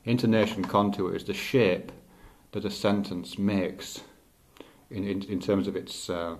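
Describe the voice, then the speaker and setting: Middle-aged guy, lowish voice, halting and thoughtful, restarts a lot as he muses. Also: steady tone. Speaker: teacher. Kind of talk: unscripted spoken reflection.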